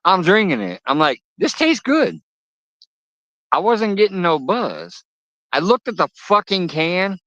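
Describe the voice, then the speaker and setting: A man's voice: a little high, a bit bright, clear, resonant tone, dry recording. A man hosting a fishing livestream outdoors at a lake, chatting casually with viewers and telling stories with lots of swearing and laughter. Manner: profane, laughing storyteller. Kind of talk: casual live chat with viewers. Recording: dull lo-fi audio.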